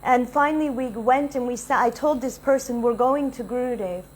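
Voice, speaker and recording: Woman, devotional storyteller, earnest, fairly high pitch. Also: moderate pace, slight background noise, rough recording. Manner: earnest, confessional, retells dialogue. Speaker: spiritual speaker.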